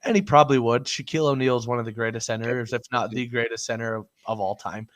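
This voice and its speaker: A man's voice: mid-range voice, fairly even intonation, fast. Man, sports talk co-host, storytelling, laughs a lot, casual. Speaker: podcast co-host.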